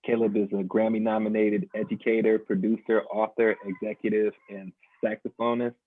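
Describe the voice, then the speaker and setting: A man co-hosting a panel, introducing the guests one by one in a steady, listing manner. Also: on the low side, normal speed. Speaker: panel co-host. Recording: tinny phone-like line, dry.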